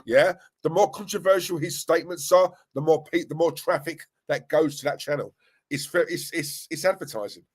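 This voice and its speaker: A young man hosting a live stream, chatting casually, reading viewer comments and reacting with animated, rambling restarts. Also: normal speed, slightly rough. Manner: animated, rambling, restarts and laughs, pitch jumping when worked up. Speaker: fan channel live-stream host.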